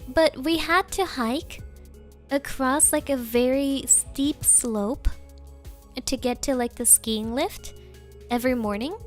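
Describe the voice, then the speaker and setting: A woman's voice: sits high, takes it slowly, soft background music. A woman streamer from Germany chatting casually, rambling with lots of "like" and frequent giggles. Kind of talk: casual chat.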